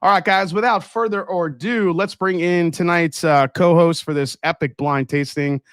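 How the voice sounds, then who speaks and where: A man's voice: fairly high pitch, fairly even intonation, normal speed, dry recording, studio quality. A man hosting a casual livestream tasting, upbeat, greeting viewers by name and reading their comments aloud. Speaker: livestream host.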